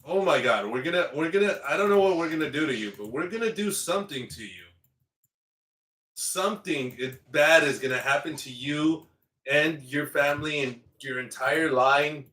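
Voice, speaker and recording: A man's voice: on the high side, animated, moderate pace, pushed and bright, far from the mic. A man hosting a strategy game playthrough in casual commentary, slipping into playful mock outrage as his ruler. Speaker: let's play host. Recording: roomy echo, away from the mic.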